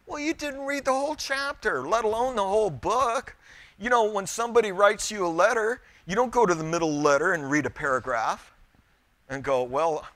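Bright-voiced preacher telling folksy stories. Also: male voice, a little high, no echo. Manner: folksy storytelling, addressing the congregation directly. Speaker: pastor. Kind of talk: sermon.

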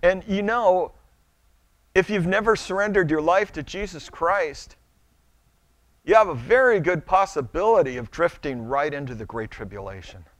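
A man's voice: sits high, expressive, moderate pace, fairly bright tone, dry recording. A middle-aged male pastor preaching a sermon in a conversational way, stumbling over restarts and acting out little quotes.

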